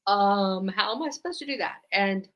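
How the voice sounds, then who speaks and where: A woman's voice: mid-range voice, moderate pace, highs cut off. A woman from Louisiana, a radio show guest, telling her story in a rambling way with many fillers and restarts. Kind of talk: casual storytelling interview.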